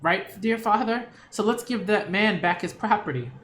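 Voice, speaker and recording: A man voicing a bossy, spoiled, sharp-tongued young woman in a comic book read-aloud. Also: animated. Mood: pleading. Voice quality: high, loud, quick.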